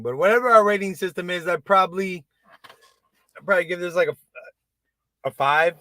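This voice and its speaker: A man with a high, bright voice talks in a loose, rambling way. He gets excited, starts sentences over and swears casually. The sound is close and dry. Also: fairly quick, pauses often, no room sound. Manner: rambling, excitable, swears freely, many restarts. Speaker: podcast host. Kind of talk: casual chat.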